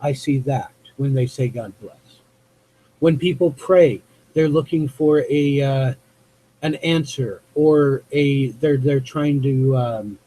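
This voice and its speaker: Slow, halting man with a dark voice. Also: mid-range voice, low-quality recording. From US West Coast. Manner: rambling, halting, searches for words with many restarts. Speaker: host of a live call-in show. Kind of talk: unscripted monologue to chat viewers.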